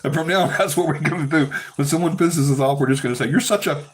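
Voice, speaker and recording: A man's voice: on the high side, fairly even intonation, quick pace, husky. A man hosting a casual live stream, breaking into fits of laughter. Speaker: paranormal live-stream host.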